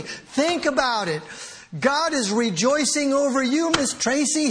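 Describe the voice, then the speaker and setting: A man preaching a sermon as pastor, animated and often laughing as he reads scripture aloud. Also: extremely high pitch, a little slow, a little hiss or hum.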